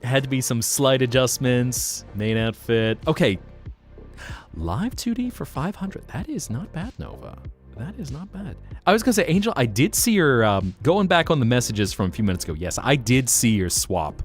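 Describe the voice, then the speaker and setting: Animated, playful male streamer. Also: mid-range voice, moderate pace, soft background music. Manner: animated and playful, swears, laughs often. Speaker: VTuber streamer. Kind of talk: casual live-stream chat.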